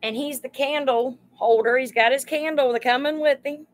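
A woman's voice: sits high, steady tone, normal speed, rough recording. A woman hosting a live sale stream, chatting homily and greeting viewers by name as she prices items. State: overheated.

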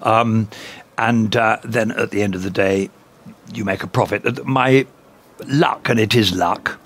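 Husky English man, lower voice, storytelling guest, chuckling at his own tales. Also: unhurried. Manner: animated storyteller, chuckles through punchlines. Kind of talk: conversational anecdote-telling. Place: cricket ground commentary box.

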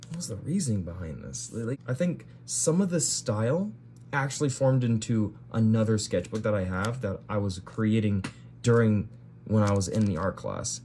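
A man's voice: on the low side, lively intonation, moderate pace, warm tone, a little hiss or hum. A young man leafing through an old sketchbook and commenting casually for his video, with bewildered reactions and fillers as he goes. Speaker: video creator.

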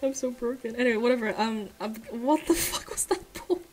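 A woman's voice: a little fast, faint music behind, low-quality recording. Young woman mumbling and shrieking over gacha pulls. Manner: swings from mumbled low sighs to shrieking excitement. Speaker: gacha gaming streamer. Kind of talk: casual gaming commentary.

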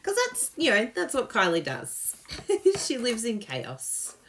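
A woman's voice: fairly high pitch, huge pitch swings, slow pace, a bit bright, a little hiss or hum. A woman hosting a live papercraft tutorial, chatty and self-mocking, laughing often and gushing over her work as she demonstrates.

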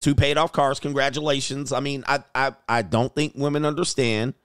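A man hosting a dating commentary show, telling a story bluntly and jumping up in pitch when he quotes himself. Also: steady tone, moderate pace, a bit bright, clean tone, no room sound, clean studio sound. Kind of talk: casual commentary reacting to clips.

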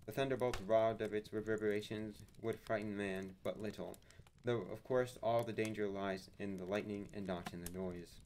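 A man reading a classic adventure novel aloud in an expressive, theatrical way, now and then stumbling over words. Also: lowish voice, normal speed, slight background noise. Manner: expressive, theatrical, with occasional slips. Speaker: reader. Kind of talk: dramatic book reading.

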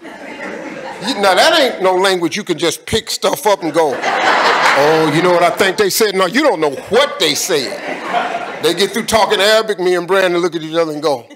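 Emphatic man, slightly high voice. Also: lively intonation, moderate pace, background noise. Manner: emphatic, colloquial, preacher-like repetition. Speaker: guest speaker. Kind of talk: on-stage conversation.

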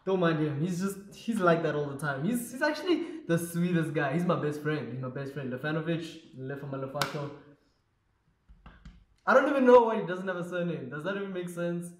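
A young man from South Africa hosting his vlog in an energetic, playful way. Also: fairly high pitch, fairly quick, a little hiss or hum. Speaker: vlogger. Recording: echoey room.

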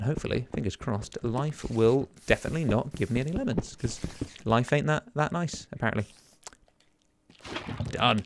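A young man talks through his game session in a loose, rambling way, his pitch swinging widely up and down. He breaks into sudden excited outbursts, and a faint hiss sits under his voice. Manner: chatty, rambling self-talk with sudden excited exclamations. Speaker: let's play gamer. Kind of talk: casual gameplay commentary.

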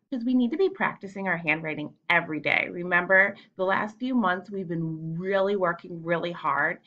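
A woman's voice: medium pitch, muffled recording. Encouraging woman teacher on video. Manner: encouraging, animated classroom talk. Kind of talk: teacher talking to young students on video. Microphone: home camera.

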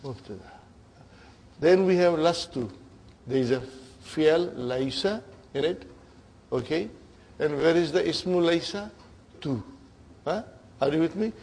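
A man lectures a class on Arabic grammar, explaining the terms in English, checking in with "huh?" and "okay?" and calling his students brothers and sisters. His voice is a little high and a little mellow, and he speaks unhurriedly with long pauses.

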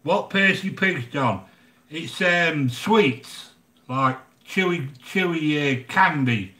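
A man's voice: fairly high pitch, animated, slow pace, pushed and bright, echoey room. An older English man hosting a live cooking channel, chatting casually and bluntly with viewers, grumbling and joking as he goes. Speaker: livestream cooking channel host.

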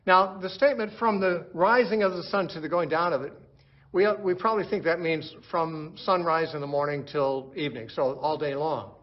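A man teaching through a book of the Bible verse by verse, explaining slowly and repeating words as he restarts his sentences. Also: on the high side. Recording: dull lo-fi recording.

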